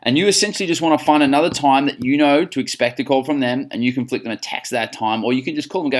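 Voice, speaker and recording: A man's voice: mid-range voice, very fast, few pauses. An Australian man coaching gym staff on phone sales, upbeat, acting out both sides of the calls. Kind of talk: instructional talk on phone sales.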